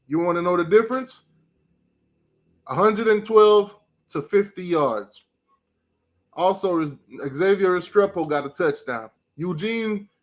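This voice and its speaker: A man with a high-pitched voice rants through a football recap. He is brash and taunting and repeats his digs again and again, in loose, heated sports commentary. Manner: brash trash-talking, repeats his jabs. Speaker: college football fan commentator.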